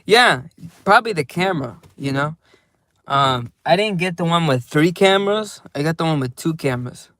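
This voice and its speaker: A man's voice: a little high, expressive, moderate pace, fairly bright tone, no echo. A young man chatting casually in a loose, rambling vlog from inside his car, laughing often. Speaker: vlogger.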